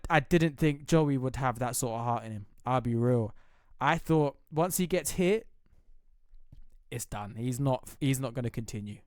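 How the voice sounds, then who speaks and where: A man's voice: a little high, clean tone, dry recording, studio quality. A young British man giving a casual, slangy fight breakdown as a reaction vlogger, swearing freely.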